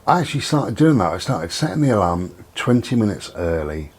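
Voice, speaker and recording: In a slightly rough, fairly low-pitched voice, a middle-aged man vlogs about his day at a fairly quick clip. His casual chat is relaxed and rambling, sprinkled with ums, and he's at home with the door and window open.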